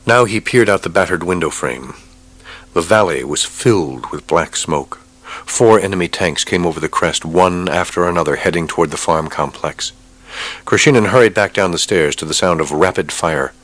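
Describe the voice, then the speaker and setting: A man narrating an audiobook with a steady, measured reading. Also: deep voice. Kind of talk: scripted narration.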